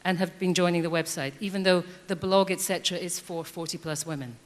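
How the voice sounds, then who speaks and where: A woman's voice: lowish voice, steady tone, fairly quick, slight background noise. A woman in her fifties speaking from the floor at a debate, earnest and hesitant. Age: 50s. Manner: earnest, hesitant with many ums. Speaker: audience member. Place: large hall. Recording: long hall reverb.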